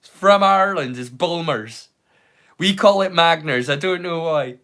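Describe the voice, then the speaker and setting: A man's voice: a little high, expressive, a little slow, bright, forceful tone. A man hosting a live movie watch-along, rambling casually with jokes and the odd swear word. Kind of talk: casual live-stream chat.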